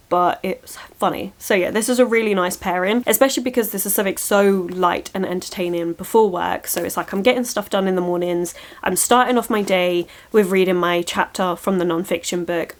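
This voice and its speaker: A young woman talks through her week's reading in a relaxed, chatty vlog voice. She is openly enthusiastic, breaks into laughs easily, and keeps the tone light and conversational. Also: mid-range voice. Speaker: book vlogger. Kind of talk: casual reading vlog chat.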